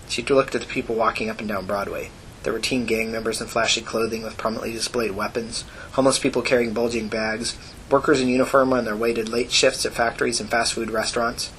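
Guy reading a novel out loud, steady and plain, middle pitch. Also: quick pace, slight background noise, rough recording. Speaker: audiobook narrator. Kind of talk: scripted narration.

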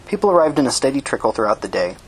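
A man reading short fiction aloud as narrator, plain and steady. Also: medium pitch, very fast, a little hiss or hum.

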